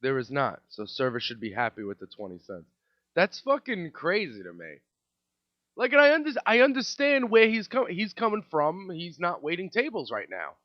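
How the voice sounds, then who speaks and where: A man's voice: a little high, huge pitch swings, moderate pace, no echo. A man in his thirties, a podcast host telling comedic stories in a profane, exasperated rant. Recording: dull lo-fi, dry.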